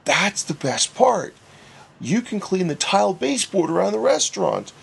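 Eager male manager, read by a man, pushy and upbeat, husky. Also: high voice, sing-song, normal speed, pitched above the performer's own voice, heavily acted. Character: eager male restaurant manager full of schemes.

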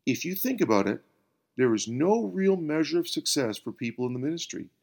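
A man voicing Jesus as a calm, patient mentor who asks gentle, probing questions. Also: fairly high pitch, fairly quick, gravelly, voice pushed up, heavily acted.

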